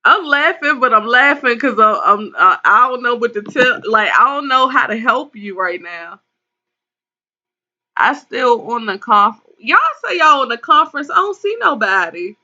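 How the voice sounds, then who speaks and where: A woman's voice: fairly high pitch, expressive, moderate pace, sharp tone. A woman hosting a live tarot call-in stream. She reads viewer comments aloud and talks to her viewers in a concerned, casual way, calling them pet names. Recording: dull lo-fi stream audio.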